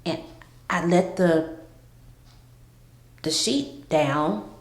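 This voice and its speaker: Woman vlogger, slow and halting storyteller, lowish voice, echoey room. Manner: halting, with many restarts. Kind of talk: personal storytelling. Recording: roomy echo.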